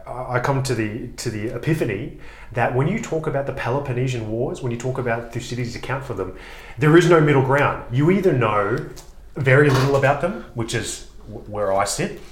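A man's voice: medium pitch, echoey room. A man co-hosting a comedy podcast, rambling and self-mocking in casual chat. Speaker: podcast co-host.

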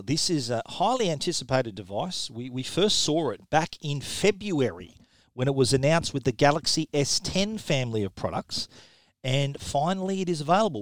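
A man hosting a tech podcast, chatting with a guest and reading sponsor spots in a friendly, upbeat way. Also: on the high side. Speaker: podcast host. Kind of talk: tech podcast interview and ad reads.

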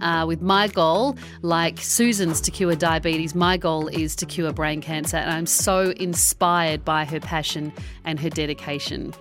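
A woman hosting and narrating a story podcast with expressive delivery. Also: fairly low pitch. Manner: expressive, rising with excitement. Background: background music.

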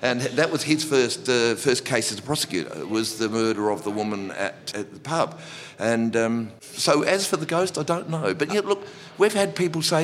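A middle-aged man, a pub owner, telling stories in a relaxed, rambling way with frequent restarts and laughs. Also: medium pitch, moderate pace, hardly any pauses. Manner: rambling, repeats words and restarts, laughs often. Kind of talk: relaxed storytelling. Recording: long reverb.

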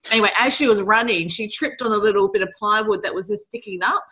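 Bright-voiced woman telling stories. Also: mid-range voice, fast talker, poor audio. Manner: lively, teasing storyteller. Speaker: podcast co-host. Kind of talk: casual chat. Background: a dog barking.

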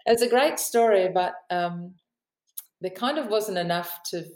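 A woman's voice: mid-range voice, lively intonation, measured pace, a little mellow, reverberant, rough recording. A woman author with an Australian accent, telling stories in a podcast interview, chatty and laughing often. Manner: chatty storyteller, laughs often, mimics the people she quotes. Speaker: author and aviation writer, guest.

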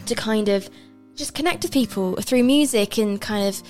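A woman's voice: a little high, normal speed, a little mellow, faint music behind. A young woman presenting a local radio show, chatting in a bubbly, easy way and laughing often. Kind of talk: casual radio chat. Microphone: studio microphone.

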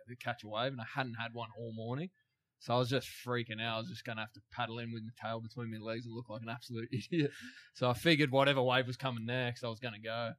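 Bright-voiced surfer, laid-back storyteller. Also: male voice, mid-range voice. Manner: relaxed storytelling with chuckles and restarts. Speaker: big wave surfer guest. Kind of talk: casual studio interview. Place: studio.

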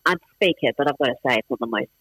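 Man, Australian accent, Farsi native speaker, middle-aged, chatty interview guest, bright voice, dry close sound. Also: medium pitch, rapid-fire, slightly rough, dry recording, low-quality recording. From Iran. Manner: chatty, self-deprecating, frequent restarts and fillers. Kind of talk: casual interview chat.

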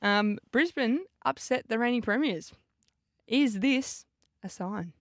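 A woman's voice: a little high, takes it slowly, dry recording, clean studio sound. A young Australian woman, a footballer co-hosting a podcast, chatting casually with lots of fillers and easy laughs.

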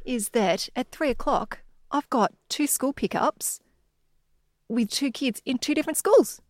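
A woman's voice: sits high, lively intonation, a little slow, dry recording, studio quality. Cheerful Australian woman guest. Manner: laughing, agreeable. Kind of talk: casual chat.

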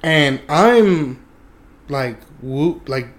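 A young man with a slightly high voice tells a loose, rambling story between friends. He laughs often and swears freely as he goes. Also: lively intonation, very slow. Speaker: podcast host. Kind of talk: casual storytelling chat.

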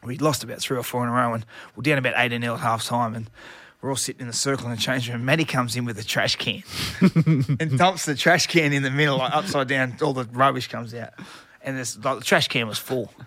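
Lively Australian man telling footy yarns. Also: mid-range voice, a little fast, no echo. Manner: animated anecdotes, acts out shouting coaches, laughs often. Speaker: former rugby league player, podcast guest. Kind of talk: casual storytelling chat.

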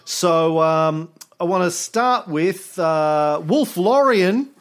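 Male podcast co-host, casual and irreverent, lively swinging voice. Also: high-pitched, takes it slowly. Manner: irreverent, joking, swears freely. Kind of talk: casual chat.

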